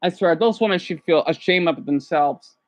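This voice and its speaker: A woman ranting on a casual livestream. She is agitated, swinging between angry outbursts and hushed apologies. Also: fairly low pitch, normal speed.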